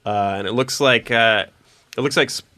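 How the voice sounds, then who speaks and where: Rambling dungeon master. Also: male voice, mid-range voice, normal speed, pushed and bright. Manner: rambling, many fillers and restarts. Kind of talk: narrating a tabletop game.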